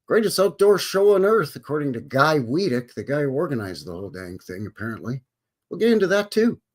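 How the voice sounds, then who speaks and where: A man from Alberta hosts a casual live stream in folksy cowboy talk, greeting viewers as they come in. His voice is a touch husky and swings widely in pitch. It sits a little higher than most men's. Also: very animated, fairly quick. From Alberta, Canada. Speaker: livestream host.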